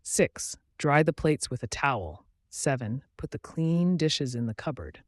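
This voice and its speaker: A man with a slightly high voice reads short numbered phrases slowly and clearly for learners. His pitch moves a lot from line to line, and the sound is dry and close. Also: no echo. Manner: slow, clear, even phrase reading. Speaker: English teacher.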